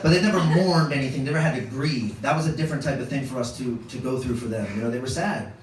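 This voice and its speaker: A man doing stand-up comedy, telling a family story in an animated way and jumping into high voices for his kids. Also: fast. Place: comedy club stage with a laughing audience. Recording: echoey live room, distant mic, background noise.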